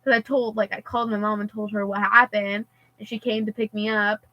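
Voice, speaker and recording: A woman's voice: medium pitch, flat delivery, fairly quick, no room sound, dull audio. A teenage girl telling a story in casual chat, rambling and filling her sentences with "like" and "and stuff like that.". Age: teens. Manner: rambling, heavy use of "like" and "and stuff like that".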